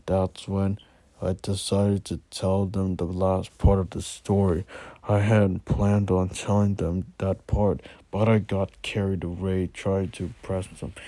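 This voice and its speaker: A man reading a first-person horror story aloud in a slow, halting way. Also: sits low, dark tone, no room sound.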